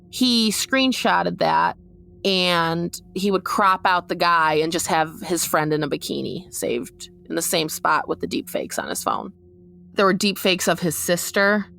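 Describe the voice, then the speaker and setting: A young woman giving an earnest, measured personal account on a podcast, growing urgent at times. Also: on the low side, vocal fry, fairly bright tone. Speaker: interviewee recounting her experience.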